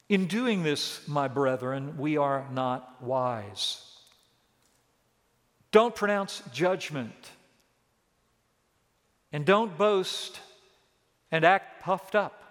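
A man preaching an expository sermon, switching between quiet stress and rising, emphatic exclamations. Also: a little high, animated, drawn-out words, long pauses. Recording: long reverb of a large hall.

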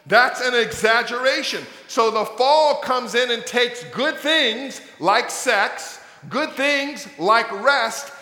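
A man's voice: very high voice, sharp tone, reverberant, big-room sound. A man preaching a sermon as a pastor, emphatic and full of repetition, sometimes acting out voices to make a point.

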